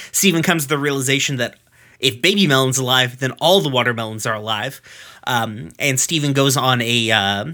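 A man chats through an episode recap in a loose, profane podcast manner, full of ums and asides. His voice sits a bit high and sounds bright and forceful. He keeps an offhand, conversational flow. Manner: loose and profane, many fillers, quick asides. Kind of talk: casual chat, episode recap.

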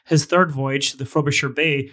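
Bright-voiced joking man co-host. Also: fairly high pitch, normal speed. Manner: joking, deadpan, offbeat humor. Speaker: podcast co-host. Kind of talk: casual chat.

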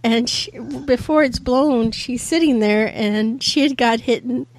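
A woman's voice: fairly high pitch, unhurried, dry recording. Giggly woman recapping a comedy series. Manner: laughs often, lively retelling. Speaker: podcast guest. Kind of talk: casual chat.

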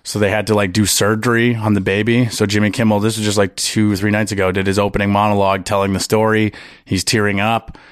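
A man in casual podcast chat, animated and profane, often mimicking other people's voices as he tells stories. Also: fairly low pitch, quick pace, no echo, studio quality. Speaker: podcast guest.

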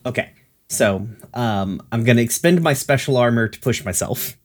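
A man taking his turn in a tabletop role-playing game. He thinks out loud and hesitates with plenty of fillers. His voice sits at an ordinary middle pitch. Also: expressive, normal speed. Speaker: player.

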